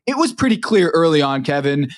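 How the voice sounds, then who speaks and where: A man's voice: a little high, sing-song, a little fast. A man co-hosting a podcast, talking through his points in an easy, analytical way with many filler words. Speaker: podcast co-host. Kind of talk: casual chat.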